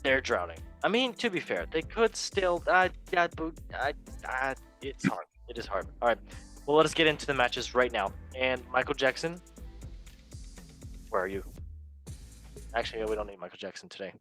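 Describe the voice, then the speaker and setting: A man's voice: mid-range voice, very animated, brisk, fairly bright tone. Playful male sports show host. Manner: playful, joking, laughs often. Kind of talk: casual chat. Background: faint background music.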